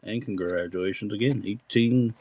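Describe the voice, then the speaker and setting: A man's voice: lowish voice, moderate pace, a little mellow, slight background noise, rough recording. A man hosting a live-stream coin auction with folksy, rambling auctioneer patter.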